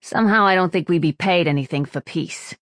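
A man's voice: on the high side, brisk, fairly bright tone, no room sound, clean studio sound, pitched above the performer's own voice. A man voicing a tough, cynical female mercenary in an audiobook. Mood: scornful. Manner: cynical, scornful.

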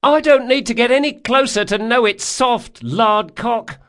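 A man voicing a brash, foul-mouthed young girl who pilots a rowing boat and shouts insults in an audiobook. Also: extremely high pitch, measured pace, pitched above the performer's own voice. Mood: jeering.

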